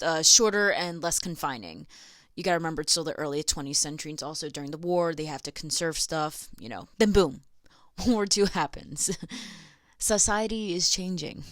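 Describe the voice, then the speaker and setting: With clean studio sound and no echo, a young woman from the US hosts her educational vlog in a voice on the low side. Her delivery is sarcastic, giggly and full of chatty asides.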